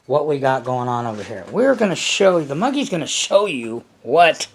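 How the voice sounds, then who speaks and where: A man's voice: mid-range voice, sing-song, moderate pace. A man chatting casually to his viewers as a hobby vlogger, loose and profane, sometimes talking about himself in the third person. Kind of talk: casual rambling chat to viewers.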